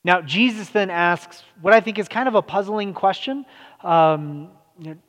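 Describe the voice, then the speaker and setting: A man's voice: high-pitched, normal speed, a bit bright. A man preaching a sermon in a loose, conversational way, full of fillers and restarts. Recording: long hall reverb.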